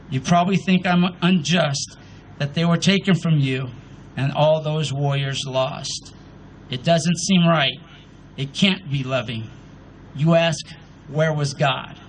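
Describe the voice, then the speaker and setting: A man giving voice to a patient, loving male God speaking to mourners in a measured recitation at an outdoor memorial. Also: fairly high pitch, a bit bright, a little hiss or hum, poor audio.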